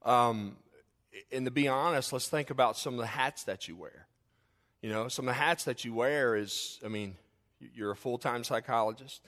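A man's voice: medium pitch, moderate pace, a bit bright. A middle-aged man preaching a sermon as a pastor, telling stories with humor and speaking straight to the congregation. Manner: humorous storytelling, addresses the congregation directly.

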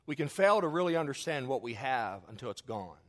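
A middle-aged man preaching a sermon as pastor, telling stories in an animated, self-mocking way and laughing often. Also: medium pitch, a little fast.

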